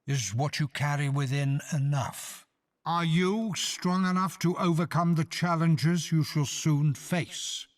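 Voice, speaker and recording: An actor playing a mysterious hooded male stranger who speaks in slow, measured, ominous riddles. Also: a little high. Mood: cryptic.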